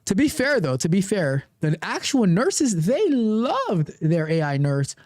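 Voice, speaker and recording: A man hosting a live tech stream, talking casually with animated, repetitive joking asides. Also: on the high side, normal speed, creaky, hardly any pauses, no room sound. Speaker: livestream tech show host.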